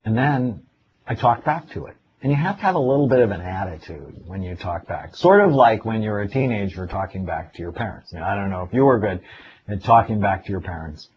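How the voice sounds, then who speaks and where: Deep-voiced man telling lecture stories. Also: slight background noise. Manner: storytelling, acts out his own inner thoughts. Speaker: psychiatrist giving a webinar. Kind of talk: casual spoken lecture with personal stories. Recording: dull lo-fi webinar audio with faint ambience.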